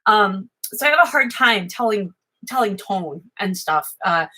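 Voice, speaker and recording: An American woman chatting at home in a rambling, self-interrupting way, admittedly high, swearing freely. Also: lively intonation, measured pace, sharp tone, low-quality recording. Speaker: vlogger. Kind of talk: rambling casual livestream chat. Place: home office.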